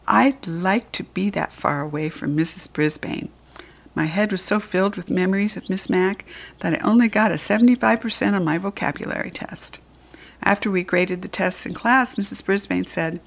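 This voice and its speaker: A woman narrating a children's book aloud in an expressive, lively way. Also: mid-range voice, moderate pace, vocal fry. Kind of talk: read-aloud storytelling.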